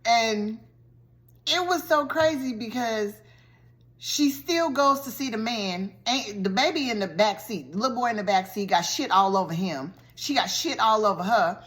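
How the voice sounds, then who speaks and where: A woman's voice: on the high side, moderate pace. Woman gossiping through a show recap. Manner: animated, colloquial storytelling with slangy asides. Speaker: vlogger reviewing a TV show. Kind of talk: casual story recap.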